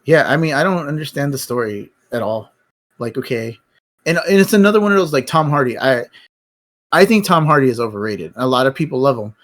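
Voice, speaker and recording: A man's voice: medium pitch, expressive, fairly quick, fairly bright tone. A man hosting a live stream, chatting casually about movies, rambling and blunt, with plenty of swearing. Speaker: stream host. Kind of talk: casual chat.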